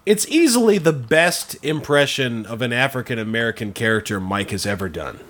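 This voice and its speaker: Teasing man with an animated voice. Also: medium pitch, brisk. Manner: teasing, laughs often. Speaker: podcast co-host. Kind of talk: casual chat.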